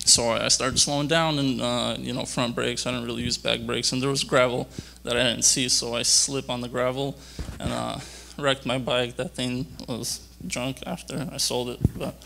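A young man giving a rambling personal testimony at a church youth conference, halting and full of fillers and restarts. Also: mid-range voice, flat delivery, gravelly, bright, forceful tone, slight background noise. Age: young adult.

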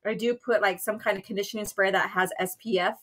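Bright-voiced laughing woman host. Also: medium pitch, steady tone, fast talker. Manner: friendly, laughs often. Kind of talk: casual chat.

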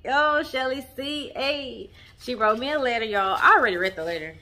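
A young woman chatting to her viewers, warm and emotional, often saying y'all. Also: a little high, lively intonation, moderate pace. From Texas. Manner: emotional, near tears at times. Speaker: vlogger. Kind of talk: casual chat. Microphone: camera mic on tripod.

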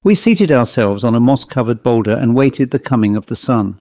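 A man reads a ghost story aloud at a measured, atmospheric pace. His voice sits mid-range, and the recording is dry and close with no room sound. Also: medium pitch, animated, darkish tone, no room sound. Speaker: audiobook narrator. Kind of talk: scripted narration of a ghost story.

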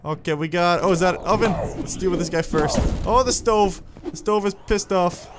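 A man giving excitable, jokey let's play commentary, yelling at enemies as he plays. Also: sits high, normal speed, background noise. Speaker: gameplay commentator.

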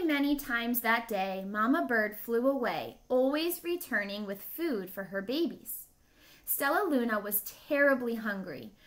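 Slow, bright-voiced woman teacher reading aloud. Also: fairly high pitch. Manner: encouraging, asks listeners questions and praises answers. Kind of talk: children's story read-aloud lesson.

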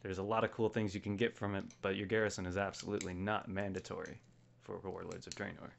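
A man's voice: sits low, level tone, quick pace, vocal fry, slight background noise. A man hosting a casual gaming podcast, laughing often and reading out listener mail. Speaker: podcast host. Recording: dull lo-fi podcast audio.

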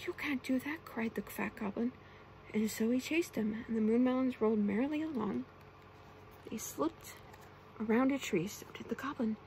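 Brief: young woman, whispered role-play storyteller, soft hushed reading, a touch high, faint hiss behind. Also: normal speed, vocal fry, poor audio. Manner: soft, often whispered reading with playful character voices. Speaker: ASMR storyteller.

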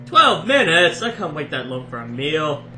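A man giving casual let's-play commentary, excitable and easily amused. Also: a little high. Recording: roomy echo with game music behind.

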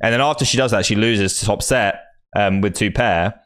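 A man telling a casual, animated story as a poker vlogger, with plenty of fillers and the odd swear word. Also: on the low side, normal speed.

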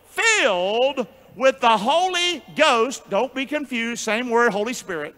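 Preacher guy with a high bright voice, big echo of a church hall, yells then drops to a mumble. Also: expressive, slow, hardly any pauses. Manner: emphatic call-and-response preaching, sudden swings from shouting to low murmurs. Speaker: pastor. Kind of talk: sermon. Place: church sanctuary. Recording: long church hall reverb.

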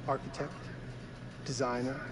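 An actor playing a courteous middle-aged hotel owner who speaks in a polished, formal way. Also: male voice, medium pitch, level tone, measured pace, background noise, close to an everyday voice.

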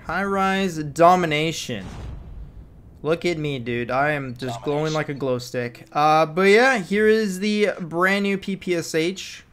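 A young man casually commentating his own mobile shooter gameplay, chatty and excitable, shouting at enemies and muttering to himself. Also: a little high, measured pace, few pauses. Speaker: mobile gaming channel host. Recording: noisy game audio with gunfire.

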